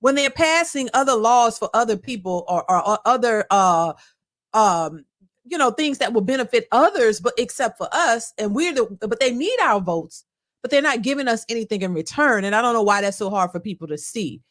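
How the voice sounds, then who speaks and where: A woman with a somewhat high voice hosts a reaction show and talks through her view in casual commentary. She speaks earnestly, stumbling into restarts and fillers as she goes. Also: expressive, moderate pace, fairly bright tone. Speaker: reaction channel host.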